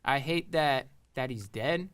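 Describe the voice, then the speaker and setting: A young man from Long Island with a smooth, clear voice chats loosely about his music. He rambles, piling up fillers and curse words between thoughts. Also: mid-range voice, unhurried, fairly bright tone. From Long Island, New York. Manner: rambling, heavy on fillers and swearing. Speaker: rapper and producer guest. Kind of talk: casual interview chat.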